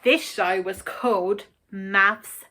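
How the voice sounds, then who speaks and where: A woman's voice: mid-range voice, takes it slowly, bright, forceful tone, slight background noise. A woman chatting in a casual vlog, giggly and filling her talk with "like". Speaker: YouTuber.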